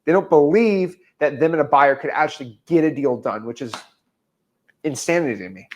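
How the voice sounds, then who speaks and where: A young man coaching real estate in a relaxed, animated way, often acting out both sides of a conversation. His voice sits slightly high, with very lively pitch. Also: normal speed. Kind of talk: casual teaching talk.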